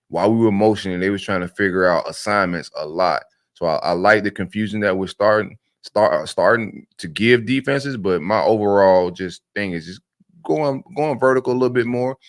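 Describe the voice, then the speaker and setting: A man co-hosting a sports podcast, talking fast and excitedly in casual chat, often repeating words. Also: low-pitched, dry recording, clean studio sound. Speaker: podcast co-host.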